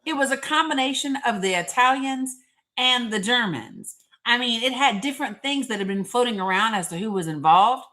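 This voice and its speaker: A woman hosting a casual live stream, chatting, reading viewer comments aloud and often laughing and clearing her throat. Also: on the high side, lively intonation, moderate pace, pushed and bright. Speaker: livestream host.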